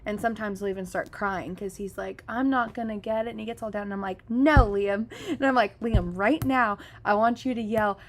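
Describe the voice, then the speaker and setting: A woman in her thirties telling stories in a casual podcast chat, animated and expressive. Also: medium pitch, fairly quick, few pauses, slight background noise. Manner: animated storyteller.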